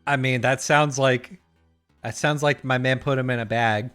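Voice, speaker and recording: A man's voice: mid-range voice, fairly even intonation, moderate pace, fairly bright tone, soft background music. A man co-hosting a podcast, chatting casually with wry, teasing remarks. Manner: laughs easily, wry and teasing. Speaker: podcast co-host. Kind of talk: casual chat.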